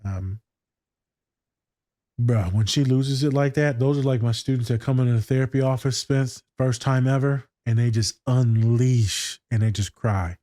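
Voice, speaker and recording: Mellow-voiced man in profane casual chat. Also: mid-range voice, fairly even intonation, normal speed, dry recording, clean studio sound. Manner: profane, slangy, storytelling. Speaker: podcast co-host and school therapist. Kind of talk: casual chat reacting to a TV scene.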